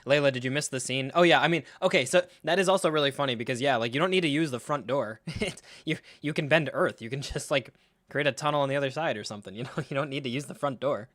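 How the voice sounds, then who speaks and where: A man hosting a live reaction stream, talking in an animated, sarcastic way, swearing freely and acting out scenes. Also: medium pitch, fast, dry recording, studio quality. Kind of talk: casual live reaction commentary.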